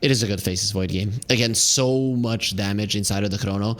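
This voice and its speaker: A male esports caster with a somewhat low voice who breaks down picks and abilities at length. He talks in a steady, explanatory way and often pauses on fillers while he thinks. Plain live-broadcast analysis.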